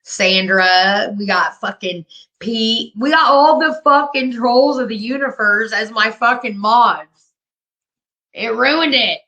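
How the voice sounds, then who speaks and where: A woman's voice: on the high side, measured pace, pushed and bright, rough recording. A woman in her fifties hosting a live stream, talking to her chat in a brash, profane, taunting way while drinking. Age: 50s. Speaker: livestream host.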